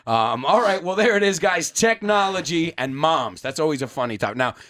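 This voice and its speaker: Animated male radio host. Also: a little fast. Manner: animated storytelling, acting out quotes with big pitch jumps. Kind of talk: casual bilingual chat, switching between English and Spanish. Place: radio studio.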